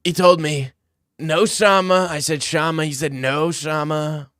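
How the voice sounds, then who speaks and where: A man doing an impression of a boastful older male politician, slow and emphatic with lots of repetition. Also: fairly high pitch, fairly even intonation, fairly bright tone, clean tone, no room sound, studio quality, voice pushed up.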